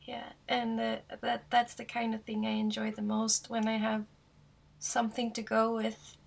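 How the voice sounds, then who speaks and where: A shy woman with a non-American accent, speaking softly and hesitantly as a guest on a podcast. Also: on the high side, monotone, moderate pace, vocal fry. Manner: shy, soft-spoken, hesitant with frequent fillers. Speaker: guest artist. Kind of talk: casual podcast interview.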